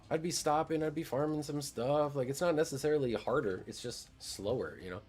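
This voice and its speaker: A man's voice: medium pitch, brisk, hardly any pauses, darkish tone. A man casually chatting over his gameplay as a streamer, laid-back and rambling, swearing now and then. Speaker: gaming streamer.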